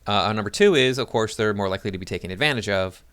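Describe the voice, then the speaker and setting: A man's voice: fairly low pitch, very fast, fairly bright tone, clean tone. A man giving casual reaction commentary to his viewers, rambling with many fillers and restarts. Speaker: video commentator.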